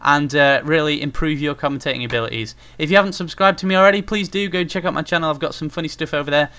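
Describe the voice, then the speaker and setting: A man's voice: fairly high pitch, rapid-fire, bright, forceful tone. A young man giving casual, rambling tips on gaming commentary, with frequent fillers, as a YouTuber talking to his viewers. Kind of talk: casual spoken tutorial.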